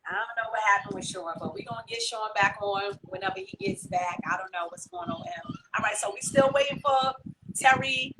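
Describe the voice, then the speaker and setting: A woman's voice: on the high side, fairly quick. A woman hosting a live-stream talk show, chatting candidly and freely with plenty of "um" and "you know". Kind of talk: casual live-stream chat. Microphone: computer mic on a live video stream. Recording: noisy stream audio.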